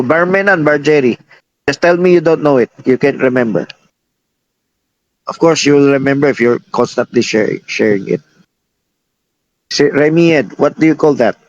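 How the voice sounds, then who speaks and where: A man's voice: a little high, dry recording, lo-fi sound. A man preaching a sermon, teaching by firing questions at the congregation and repeating himself. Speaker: pastor.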